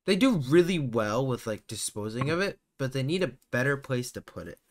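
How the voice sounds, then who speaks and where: A man's voice: mid-range voice, animated. A man co-hosting a casual group podcast, arguing his points and teasing the others. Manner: joking, argumentative, quick to tease. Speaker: podcast co-host.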